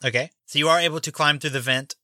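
A man's voice: a little high, steady tone, fast talker, bright, forceful tone, no room sound. A man narrating a tabletop game as game master, laid-back and often laughing as he describes scenes.

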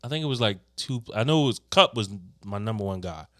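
A man's voice: fairly low pitch, lively intonation, fast talker, fairly bright tone, no room sound. A man in casual banter, trash-talking a friend and repeating his boasts. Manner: brash trash talk, repeats himself.

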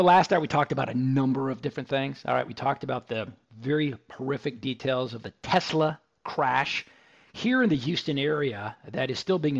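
Excited gravelly-voiced male tech radio host. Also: mid-range voice, dull audio. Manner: chatty, enthusiastic, tangents and restarts. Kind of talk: live radio talk broadcast. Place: retail store on location.

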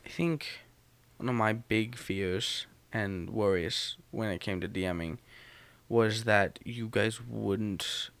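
A man in casual chat, a game master telling tabletop stories in a joking, animated way. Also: on the low side, slow pace, creaky, no echo.

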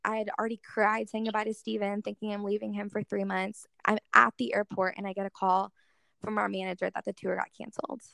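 A young woman, a guest speaker in worship ministry, tells a personal faith story in a casual interview, earnest and leaning hard on "like" as filler. Her medium-pitched voice is flat, fast, bright and pushed, with vocal fry, and there's no echo.

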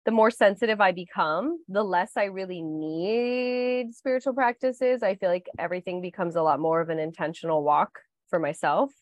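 A woman's voice: on the low side, moderate pace, few pauses, no echo. A woman co-hosting a podcast, reflective and earnest, affirming her co-host in casual chat.

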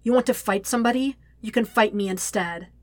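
A woman's voice: medium pitch, brisk, a little mellow, dry recording, natural voice. A woman voicing a young man who snaps back firmly and refuses to back down. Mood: defiant. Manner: firm, snapping. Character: stern, defiant young man standing his ground. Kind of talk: audiobook reading.

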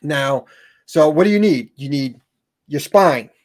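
Pitched on the high side and keeping a measured pace, this man co-hosts a sports talk show. His chat is casual and animated, with frequent "right?" tags plus repeated and restarted words.

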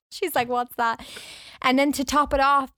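A woman's voice: sits high, flat delivery, moderate pace, a bit bright, no room sound, clean studio sound. A woman casually chatting about a film, giggling and acting out lines. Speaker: podcast co-host. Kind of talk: casual movie review chat.

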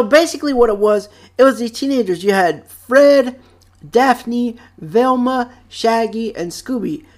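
A young adult vlogger chatting casually about childhood TV shows, rambling with many fillers and repeated phrases, close to the microphone. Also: mid-range voice. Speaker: vlog host.

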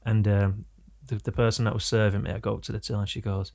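With a lowish, fairly flat voice that's fast, creaky and slightly mellow, a young Oldham man co-hosting a podcast wanders through anecdotes. He chats casually in his northern English accent and keeps correcting himself.

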